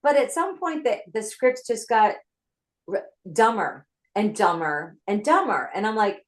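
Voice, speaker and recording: Speaking at an unhurried pace in a mid-range voice, a woman who writes screenplays and once acted shares her story in an interview. She's animated and conversational, calling in by video from her home office, and the audio is rough.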